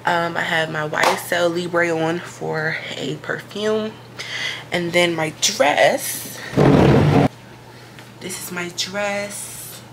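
Young pregnant woman vlogger, low gravelly voice, casual and self-hyping, noisy background. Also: steady tone, extremely slow. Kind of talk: casual vlog chat to camera.

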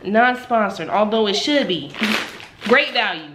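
A woman's voice: mid-range voice, expressive, unhurried. A young woman vlogging casually while she cooks at home, chatty and self-mocking, with dramatic asides. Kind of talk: casual cooking vlog chat. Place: home kitchen. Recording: echoey kitchen with noise.

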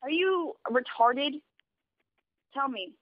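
A woman's voice: high voice, animated, slow pace, no echo. A woman on a phone call, furious, profane and threatening. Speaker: caller. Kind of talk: heated phone argument. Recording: dull phone-line audio.

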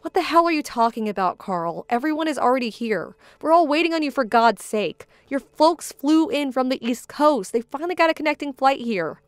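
A woman voicing a hurt, firm young bride-to-be who speaks in a measured, indignant tone. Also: high-pitched, lively intonation, dry recording, faint music behind. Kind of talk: dramatized story voice acting.

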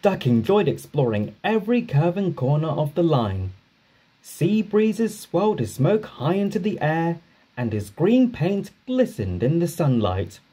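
A man narrating a children's storybook, reading aloud slowly and expressively. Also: fairly high pitch, slightly rough. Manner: slow, expressive read-aloud.

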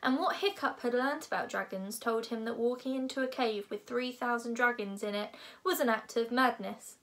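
A woman's voice: a little high, moderate pace, a bit bright. Woman reading a children's book aloud. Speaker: reader.

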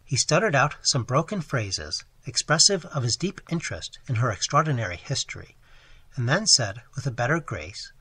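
A man with a hoarse voice reading a classic novel aloud in measured, expressive narration. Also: mid-range voice, no room sound. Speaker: audiobook narrator. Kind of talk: scripted narration.

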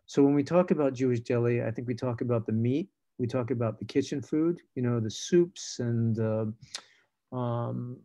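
A man's voice: medium pitch, dark tone. A man guest on an online panel talking casually, rambling with many fillers over a video call. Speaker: film director and guest.

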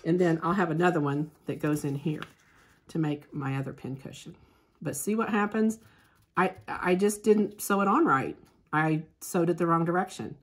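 A woman's voice: lowish voice, a bit bright. Chatty woman teaching hand sewing. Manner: chatty, homespun, thinks aloud while working. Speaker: quilting teacher. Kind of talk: hands-on sewing demonstration. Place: sewing shop classroom.

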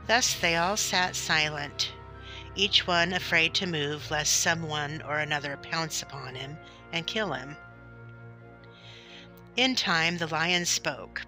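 Slow bright-voiced woman reading a story. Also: sits low. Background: soft background music.

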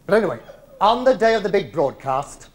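A man tells stories to a live theatre audience in a chatty, teasing way, picked up on a clip-on mic. His pitch rises and falls a lot. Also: big pitch swings, a little fast. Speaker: solo stage performer. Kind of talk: one-man comedy show storytelling. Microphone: clip-on body mic.

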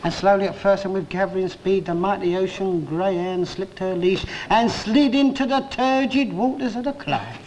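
A man playing a high-voiced, hapless little worker. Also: slight background noise, close to an everyday voice, poor audio. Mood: rambling. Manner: slow, wide-eyed storytelling with comic mock-grandeur. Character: small, hapless working-class man spinning a grand rambling yarn. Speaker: sitcom lead. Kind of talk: 1960s television sitcom acting. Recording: old TV recording, loud studio audience laughter. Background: roaring studio audience laughter.

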